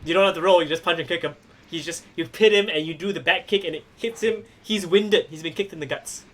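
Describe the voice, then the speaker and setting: A high-pitched man narrates a tabletop wrestling game as its game master. He is playful and laughs often. He stretches out the moves as he describes them. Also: fast, a bit bright.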